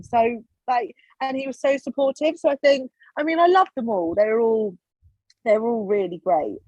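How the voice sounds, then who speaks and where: At a moderate pace and with a voice on the high side, this woman tells stories as a podcast guest in relaxed conversation, animatedly performing quoted remarks. The audio has no room sound and is dry and a little dull.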